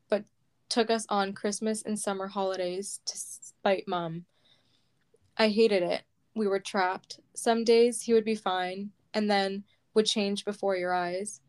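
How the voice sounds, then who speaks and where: Woman, memoir reading, slow and heavy, near tears, smooth clear voice, level pitch. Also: steady tone, darkish tone. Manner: slow, heavy, measured storytelling. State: close to tears. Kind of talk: reading aloud a personal memoir.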